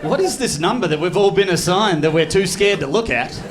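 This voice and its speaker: High-voiced Australian stand-up comic. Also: male voice, fairly quick, noisy background. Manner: animated, slips into loud put-on voices for bits. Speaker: stand-up comedian. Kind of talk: live stand-up comedy. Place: comedy club stage. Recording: live club mic, loud crowd laughter. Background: audience laughing.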